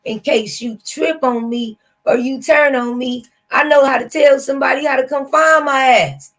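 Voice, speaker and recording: A woman's voice: high voice, normal speed, few pauses, fairly bright tone, poor audio. A woman hosting a reaction stream, talking casually and skeptically straight to her viewers. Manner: chatty, talks to viewers directly, skeptical. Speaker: reaction channel host. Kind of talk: casual commentary.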